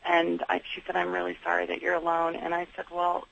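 A woman's voice: lowish voice, completely flat delivery, fairly quick, gravelly, fairly bright tone. A middle-aged woman, a guest, telling her story earnestly and acting out her own inner dialogue. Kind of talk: candid interview storytelling. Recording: dull lo-fi sound.

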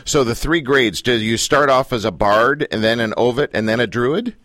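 A man hosting a radio talk show, joking with his guest and talking in quick asides. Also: mid-range voice, no room sound. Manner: jokey, animated, quick asides.

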